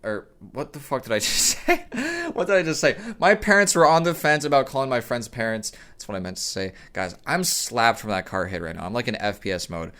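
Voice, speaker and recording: A man's voice: mid-range voice, a bit bright, clear, resonant tone. A young man telling a rambling, profane story in a casual vlog, often correcting himself. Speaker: storyteller vlogger.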